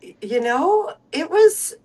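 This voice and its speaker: A woman's voice: very high voice, animated, slow, a little mellow. A woman co-hosting a podcast in casual chat, easygoing and giving short reactions. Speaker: podcast co-host.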